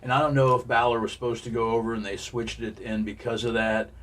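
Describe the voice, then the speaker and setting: A man's voice: medium pitch, level tone, fast, fairly bright tone, distant mic. A man giving blunt, profanity-heavy opinions in a casual rant about the week's shows. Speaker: wrestling commentary podcaster.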